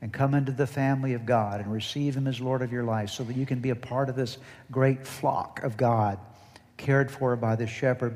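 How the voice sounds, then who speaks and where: A man's voice: mid-range voice, a little mellow. Man preaching in a reverberant hall. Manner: preaching with rising intensity, leads congregation call-and-response. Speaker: pastor. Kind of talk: sermon.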